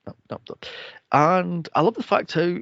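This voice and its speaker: A man co-hosting a film podcast, sarcastic and profane, mocking characters with shrill impressions. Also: normal speed, vocal fry, fairly bright tone, dry recording. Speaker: podcast co-host reviewing a film. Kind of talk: casual chat. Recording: dull lo-fi dry podcast audio.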